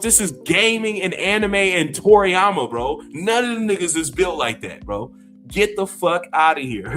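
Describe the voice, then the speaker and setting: A man's voice: a little high, a bit bright. A man in his fifties, a gaming YouTuber, ranting to camera with profanity and scornful laughter. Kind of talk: heated rant to camera.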